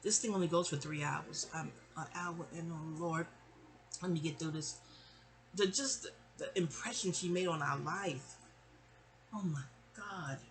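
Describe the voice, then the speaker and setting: A middle-aged woman from New York telling a long personal story in a chatty, animated way, slipping into other people's voices. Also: low-pitched, unhurried, pauses often, faint music behind. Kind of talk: casual storytime monologue.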